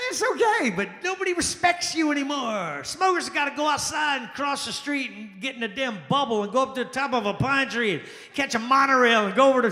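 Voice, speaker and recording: Bright, forceful male stand-up comic, exclamatory, recorded in a roomy lounge. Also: high-pitched. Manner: animated, exclamatory, acts out quoted people. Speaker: stand-up comedian. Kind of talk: stand-up comedy set. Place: jazz lounge stage. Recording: echoey lounge with long reverb.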